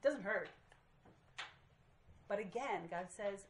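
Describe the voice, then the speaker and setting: A woman's voice: mid-range voice, normal speed, slight background noise, low-quality recording. A woman teaching a small group in a casual, self-deprecating way, recorded in a meeting room. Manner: chatty, self-deprecating storytelling. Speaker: Bible study teacher.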